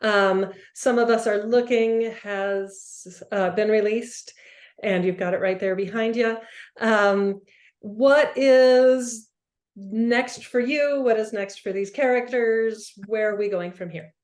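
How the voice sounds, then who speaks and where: An American woman hosting an interview, speaking in a halting way with frequent restarts. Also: a little high, fairly even intonation, a little mellow, roomy sound. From United States, lives in Arizona. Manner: halting, many restarts and repeated words. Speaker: interview host. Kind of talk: casual interview conversation.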